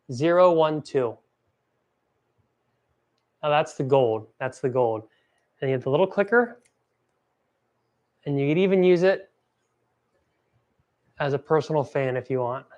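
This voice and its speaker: A man's voice: fairly high pitch, lively intonation, moderate pace, long pauses, a little mellow. A young man hosting a casual product review vlog, talking with rambling enthusiasm and correcting himself as he goes. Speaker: host.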